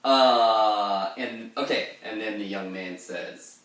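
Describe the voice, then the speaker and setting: Man, low-ish voice, casual teacher explaining poetry, rambly, echoey room, mic a bit far. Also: steady tone, unhurried, hardly any pauses, fairly bright tone. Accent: pirate-style put-on accent in readings. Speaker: literature lecturer. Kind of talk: informal poetry lesson with pirate-voiced readings.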